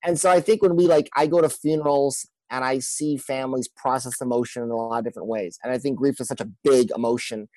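An earnest male pastor talks about faith and loss in a relaxed conversation. He doubles up words as he thinks and slips into the voices of people he quotes. The sound is dry and close, with middling pitch. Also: quick pace, few pauses, dry recording, poor audio. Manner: earnest, repeats words, acts out quoted speech. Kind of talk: conversational podcast talk.

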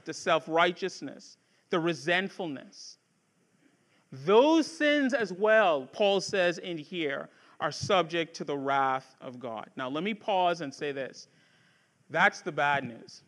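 A man's voice: on the high side, expressive, slow pace, a bit bright. A man preaching a sermon as pastor, conversational with asides to the congregation, building to fervent rhetorical questions.

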